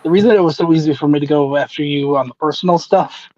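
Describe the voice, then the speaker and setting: A man's voice: fairly high pitch, quick pace, a little mellow, no echo, highs cut off. A man co-hosting a wrestling podcast, joking at his own expense in casual banter. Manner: self-mocking, laughing banter. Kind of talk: casual chat.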